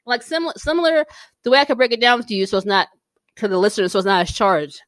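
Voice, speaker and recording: A woman co-hosting a casual podcast, talking in an animated, blunt and slangy way. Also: fairly high pitch, fast, dry recording, studio quality. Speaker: podcast co-host.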